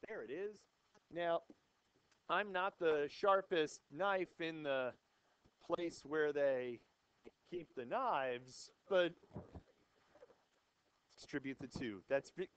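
A man's voice: a little high, slow, long pauses, smooth, highs cut off. A young male math teacher giving a jokey, playful lecture to a classroom of students on an old microphone. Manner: playful, wisecracking, theatrical.

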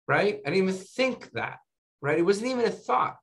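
With a high-pitched voice and moderate pace, a male physician recounts stories energetically during a casual interview. His sentences often close with "right?" or "you know."

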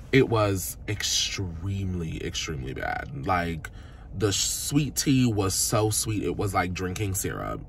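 A man from Jamaica chatting on a handheld camera in a food vlog, dramatic and sassy, jumping from loud exclamations to low muttered asides. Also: a little hiss or hum. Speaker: food vlogger. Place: in a car, out and about, then at home. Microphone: handheld camera or phone.

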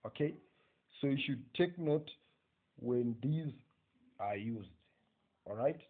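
A man with a Zimbabwean accent gives an English lesson on punctuation, dictating slowly and often checking with "okay?". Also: mid-range voice, expressive. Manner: slow, dictating phrases, frequent "okay?" checks. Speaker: English teacher. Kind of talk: recorded exam-prep lecture. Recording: tinny phone-like audio.

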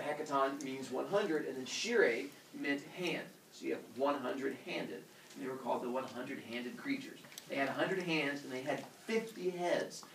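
A man teaching a class, retelling a myth in a jokey, animated way and acting out the characters. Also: medium pitch, creaky, a little hiss or hum. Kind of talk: classroom storytelling. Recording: echoey classroom from far off.

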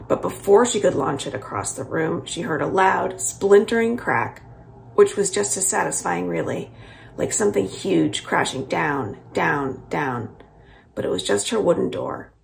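A woman from a library series reading the first chapter of a children's novel aloud, calm and expressive. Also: on the low side, creaky, slight background noise. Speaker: library book reader.

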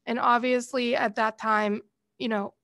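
A woman's voice: fairly high pitch, flat delivery, a little slow, a bit bright, no echo, clean studio sound. A woman college instructor lecturing her class and breaking into a heated, casual personal story with mild slang.

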